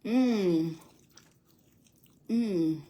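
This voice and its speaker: Middle-aged woman host, cooking stream from the home kitchen, chatty and teasing, quick laughs. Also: mid-range voice, dark tone. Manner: chatty, playful, laughs often. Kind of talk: casual livestream cooking chat.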